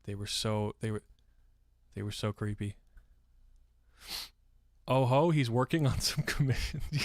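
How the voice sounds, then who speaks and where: A man's voice: medium pitch, lively intonation, normal speed, long pauses, dry recording, clean studio sound. A man from San Francisco telling a story on a live stream, rambling and swearing freely and breaking off to answer chat. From San Francisco, USA. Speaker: livestreamer.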